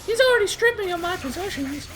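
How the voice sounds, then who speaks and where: A man voicing a defiant, captive horned elf woman in a high, melodramatic falsetto. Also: expressive, fast talker. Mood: scheming. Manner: melodramatic, shrill.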